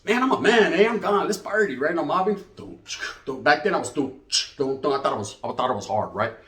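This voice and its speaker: A man's voice: a little high, animated, brisk, fairly bright tone. A middle-aged man, telling a comic story in streetwise slang and tagging lines with "right?". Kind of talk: comedic storytelling. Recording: roomy echo.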